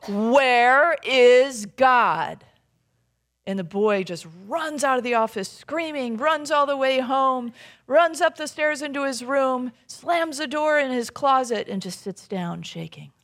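A woman's voice: fairly high pitch, vocal fry, a bit bright. A woman minister giving a sermon in a conversational, storytelling way, often checking in with the congregation with little tag questions.

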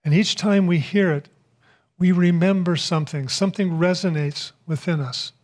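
A man giving a spiritual talk, telling a personal story in a reflective, unhurried way with pauses. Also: high voice, a little mellow. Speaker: speaker.

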